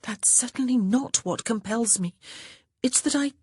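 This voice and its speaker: Woman voicing a young society lady, high pleading voice, breathless, urgent, husky. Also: measured pace, a little mellow. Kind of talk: audiobook character voice.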